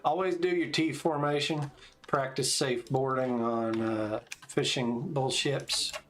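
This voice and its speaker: A man's voice: medium pitch, fairly even intonation, takes it slowly, a little hiss or hum. A man in his forties streaming a game, chatting casually and calling out tactics as he plays. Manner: laid-back, chatty, calls out tactics between stories. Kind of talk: casual gameplay commentary.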